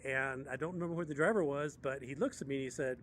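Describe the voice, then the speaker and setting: American man, 60s, medic, chatty animated storyteller, middle pitch, faint background noise. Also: fast talker. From United States. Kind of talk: casual storytelling.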